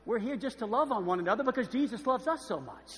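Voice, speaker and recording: A man preaching a sermon, telling lively stories and acting out the voices of the people in them. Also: very high-pitched, fast talker, in a large hall. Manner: animated storytelling, acts out voices. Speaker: pastor. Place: church.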